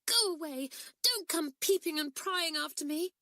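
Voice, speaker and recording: Lady reading as a crying schoolgirl, way up high, begging and sobbing, storybook voice. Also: expressive, moderate pace, fairly bright tone, no room sound, studio quality. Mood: angry. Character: distraught schoolgirl, tearful and ashamed.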